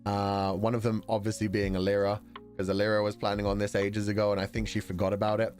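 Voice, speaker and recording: A man's voice: on the low side, completely flat delivery, fast talker, a little mellow, faint music behind. A man with a Belfast accent streaming a casual chat, rambling and laughing often as he talks. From Northern Ireland.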